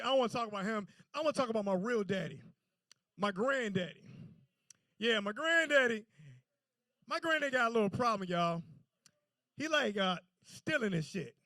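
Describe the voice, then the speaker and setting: A man's voice: extremely high pitch, pushed and bright, no room sound. A man doing a stand-up set on a comedy club stage, telling stories loosely with stammering restarts.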